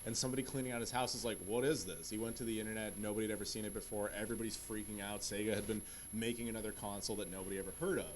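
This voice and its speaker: A man's voice: lowish voice, racing, hardly any pauses, a little hiss or hum. A man on a convention panel, casually telling a story and animatedly acting out what people said. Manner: animated, acts out quotes of others.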